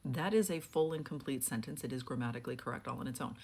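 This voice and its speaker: A woman's voice: a bass voice, fast talker, vocal fry, a little mellow, breathy edge. A young woman book editor talks through a punctuation lesson in an easygoing, conversational way. She drops frequent "like" fillers as she explains. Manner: chatty, frequent "like" fillers, reads examples aloud.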